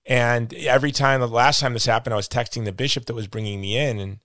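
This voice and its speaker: A man's voice: medium pitch, fairly even intonation, fast, a bit bright, no room sound, clean studio sound. A man hosting an interview, chatty and full of joking asides and stories. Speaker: host. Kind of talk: casual interview chat.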